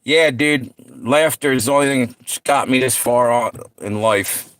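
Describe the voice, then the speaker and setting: A man's voice: mid-range voice, measured pace, fairly bright tone, no room sound. A middle-aged man hosting a livestream, chatting casually with viewers and telling stories, laid-back, laughing often and swearing freely. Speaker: livestream host.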